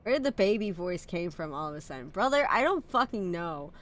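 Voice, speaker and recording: A woman's voice: fairly low pitch, sing-song, brisk, a bit bright. A sick woman streamer with a sore throat and a nasal voice, chatting casually and swearing as she plays a horror game.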